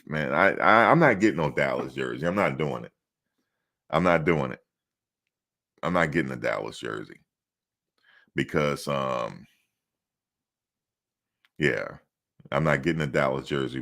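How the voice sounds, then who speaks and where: A man hosting casual sports talk, rambling and animated, often quoting others in his own voice. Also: a bass voice, creaky. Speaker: sports commentary host.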